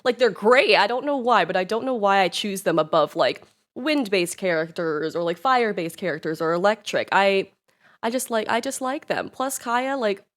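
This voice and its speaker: A woman's voice: mid-range voice, animated, moderate pace. A woman streaming live and chatting casually, bubbly and rambling, full of "like" fillers and laughter, nervous and close to tears. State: nervous and emotional, near tears.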